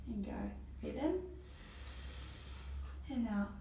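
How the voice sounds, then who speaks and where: A woman's voice: on the high side, lively intonation, slow, warm tone, a little hiss or hum. A woman acting as a voice therapist, taking a client through breathing and voice exercises step by step and praising each try. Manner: encouraging, praises often. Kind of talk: step-by-step instruction. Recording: echoey room, mic at a distance.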